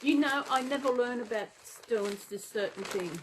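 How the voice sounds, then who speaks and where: A woman talking off the cuff to her vlog audience. Her voice sits a little high, and she rambles and gushes, gasping and restarting her sentences. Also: normal speed, background noise. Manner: rambling, gushing with many gasps and restarts. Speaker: vlogger. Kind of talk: casual unplanned chat.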